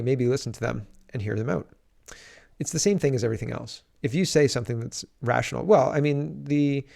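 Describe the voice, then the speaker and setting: A man's voice: mid-range voice, creaky, darkish tone. A man doing casual political commentary on a livestream, reading viewer comments aloud and reacting in an indignant, rambling way with frequent restarts.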